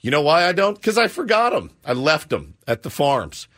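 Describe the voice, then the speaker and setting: A middle-aged man hosting a radio show speaks in a voice on the high side at a moderate pace. He tells an animated, self-mocking story in easy banter, taking on the voices of those he quotes.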